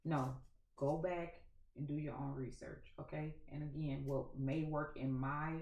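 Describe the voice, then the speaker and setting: A woman, Louisiana accent, gravelly, folksy y'all chat, scratchy throat, echoey room. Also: deep voice, little pitch movement, a little slow, darkish tone. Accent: Louisiana Southern. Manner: chatty, folksy, addresses viewers as y'all. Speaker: gardening channel host. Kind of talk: casual chat to camera.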